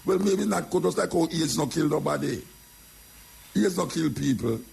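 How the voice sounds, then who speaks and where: Older Jamaican man, gravelly and husky, telling stories in patois and repeating himself. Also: fairly high pitch, animated, normal speed, a little mellow. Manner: patois storytelling, repeats phrases. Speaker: radio talk host. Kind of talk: casual monologue.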